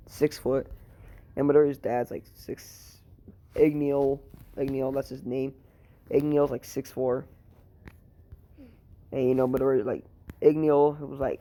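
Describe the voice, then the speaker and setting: A man's voice: medium pitch, warm tone. A tired young man improvising a fan story, rambling and crude, full of fillers and swearing. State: tired, sleepy.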